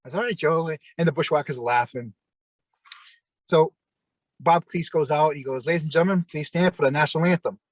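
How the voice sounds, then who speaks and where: Over a video call, a former professional wrestler in middle age spins rambling, casual stories, impersonating the people he quotes. He speaks fairly quickly in a slightly high voice, on poor audio without echo.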